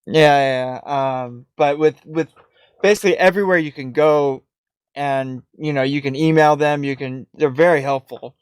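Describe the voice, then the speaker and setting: A man's voice: a little high, steady tone, normal speed, smooth, dry recording, studio quality. A man co-hosting a casual tech podcast, talking hesitantly with frequent restarts. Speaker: podcast co-host.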